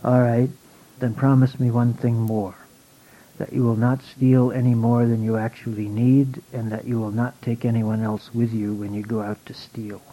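A man voicing a kindly, patient old spiritual master in a read-aloud story, calm and softly amused. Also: medium pitch, normal speed, natural voice. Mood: kindly firm. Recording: dull lo-fi recording.

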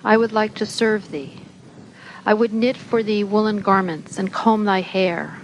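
A woman's voice: mid-range voice, steady tone, a little slow, slight background noise, lightly acted, rough recording. A woman reading as an earnest shepherd boy. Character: simple devoted young shepherd boy.

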